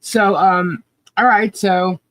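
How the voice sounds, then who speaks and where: A woman co-hosts a relaxed podcast chat. She has a mid-range voice and keeps jumping in with quick, eager agreement. Her voice sounds dry and close to the mic. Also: medium pitch, no room sound, low-quality recording. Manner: brief eager affirmations, chiming in. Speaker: podcast co-host. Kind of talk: casual chat.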